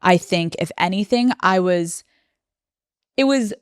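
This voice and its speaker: Slow-talking American woman, near tears. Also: lowish voice, clear, resonant tone, dry recording, studio quality. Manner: candid, emotional, many fillers. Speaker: podcast host. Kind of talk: personal monologue.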